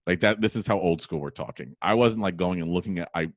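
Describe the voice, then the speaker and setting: A man hosting a podcast, telling stories in a rambling, animated way and laughing often. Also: low voice, fast, no echo, studio quality. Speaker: podcast host. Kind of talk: casual storytelling chat.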